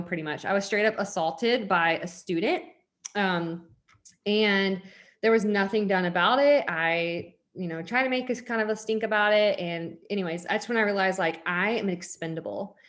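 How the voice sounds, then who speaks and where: Speaking in a mid-range, slightly bright voice, this network marketing leader in her thirties shares her personal story with an audience from home, children close by. She's candid and chatty, fills her speech with "like," and laughs when things get uncomfortable.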